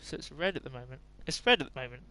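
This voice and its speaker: A man's voice: mid-range voice, expressive, very fast. A young man from Ireland with an English accent, giving rambling, self-mocking commentary while streaming a game. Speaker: gaming streamer. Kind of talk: casual gameplay commentary.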